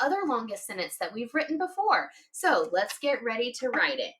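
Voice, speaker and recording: Lively sing-song woman phonics teacher. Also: on the high side. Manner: slow, sing-song spelling out letters, cheerful praise. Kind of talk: children's reading lesson.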